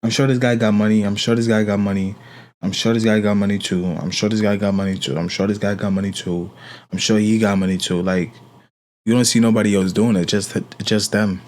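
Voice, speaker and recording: A man's voice: on the low side, steady tone, brisk, darkish tone, slight background noise. A man giving casual reaction commentary, incredulous and questioning, often repeating himself.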